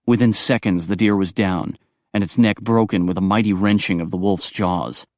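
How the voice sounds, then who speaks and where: A man reading audiobook narration in a brisk, expressive storytelling manner. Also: low voice, dry recording, clean studio sound.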